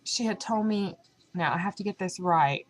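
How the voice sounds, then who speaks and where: A young woman chatting casually on a diet vlog, full of fillers and animated retellings of what others said. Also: mid-range voice, moderate pace, poor audio. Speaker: vlogger.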